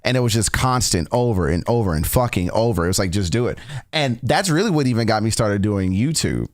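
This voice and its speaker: A man's voice: lowish voice, animated, brisk, no room sound, clean studio sound. A young man hosting a reaction video, telling a personal story in a candid, casual way, swearing often and restarting sentences.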